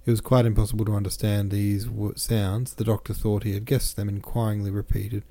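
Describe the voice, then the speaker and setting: A man narrating a classic novel as a podcast host, reading in a measured way with small self-corrections. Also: on the low side, flat delivery, dark tone. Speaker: podcast host and audiobook reader.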